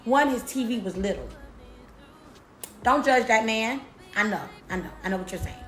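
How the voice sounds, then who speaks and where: Young female vlogger, high, slangy and profane storyteller, echoey room. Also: normal speed. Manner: slangy, profane and animated, frequent repeats. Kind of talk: casual storytelling to viewers. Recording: roomy echo with faint music.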